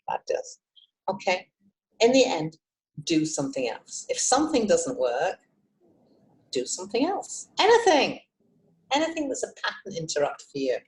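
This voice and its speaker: A woman hypnotist and trainer teaching self-help techniques on a video call, expressive and encouraging. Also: deep voice, rough recording. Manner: lively, expressive, encouraging, with frequent asides. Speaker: hypnotist and emotional intelligence trainer.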